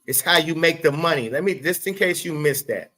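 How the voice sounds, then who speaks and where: High-voiced man ranting in casual commentary. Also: fairly quick, bright, forceful tone, low-quality recording. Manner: profane, emphatic, talks straight to the person he discusses. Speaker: show host.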